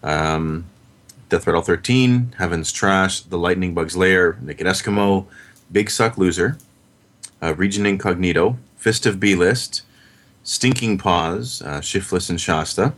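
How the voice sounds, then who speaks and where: A man's voice: deep voice, measured pace, fairly bright tone. A man co-hosting a casual film podcast, rattling off sponsor codes and blog links between chuckles. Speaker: podcast co-host. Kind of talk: casual chat.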